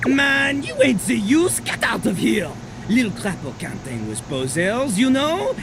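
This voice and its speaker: A man's voice: extremely high pitch, big pitch swings, a little slow, background noise, heavily acted. An actor playing a boastful male French rapper who lives as a toilet, rhyming and bragging in a French accent. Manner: boastful, raps and beatboxes in rhyme.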